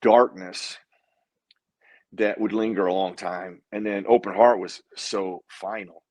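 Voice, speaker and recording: Unhurried and on the low side, the man's voice comes through a dry recording. As a casual interview guest, he tells a story from his own life, animatedly acting out the lines of others.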